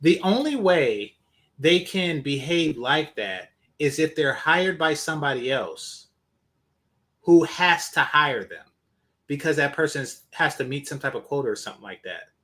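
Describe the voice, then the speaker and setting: A man's voice: fairly high pitch, sing-song, measured pace, fairly bright tone. A man hosting a reaction commentary, blunt, profane and scornful as he reads comments. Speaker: commentary channel host.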